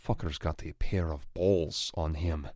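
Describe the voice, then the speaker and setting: Deep, slow, growling male narrator. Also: steady tone, a little mellow, no room sound, studio quality. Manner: growling, menacing. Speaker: audiobook narrator. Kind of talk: first-person romance audiobook narration.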